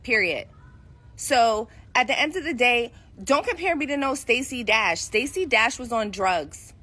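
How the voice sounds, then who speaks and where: A woman's voice: a little high, expressive, unhurried, sharp tone. A woman from Philadelphia in her forties, ranting bluntly and defiantly to the camera with lots of swearing. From Philadelphia, USA. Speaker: guest speaking in a played clip. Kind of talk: heated direct-to-camera rant.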